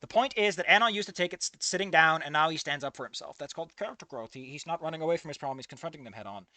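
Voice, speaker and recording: A fanfiction reviewer reads a fanfic aloud with a profane, exasperated running commentary, swearing often. His slightly high voice is rapid-fire, pushed and bright, recorded with no echo.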